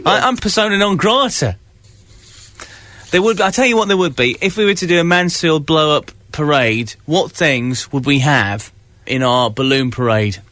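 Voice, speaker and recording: Guy hosting breakfast radio, teasing his mate, reads stories all dramatic, bit high voice. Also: animated, moderate pace, a bit bright, no room sound. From England. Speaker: radio breakfast show host. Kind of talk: casual radio banter.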